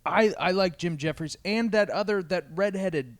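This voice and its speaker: A man's voice: high-pitched, moderate pace, no room sound. Young man on a comedy podcast, dry close sound. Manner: rambling, jokey, trails off mid-thought. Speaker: podcast co-host. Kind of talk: casual comedy podcast chat.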